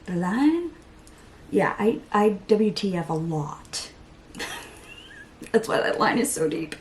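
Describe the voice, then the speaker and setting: A woman's voice: medium pitch, sing-song, takes it slowly, slight background noise. Chatty woman rambling through her makeup. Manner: rambling, self-mocking, breaks into playful voices and laughs. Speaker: beauty vlogger. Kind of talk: chatty get-ready-with-me vlog.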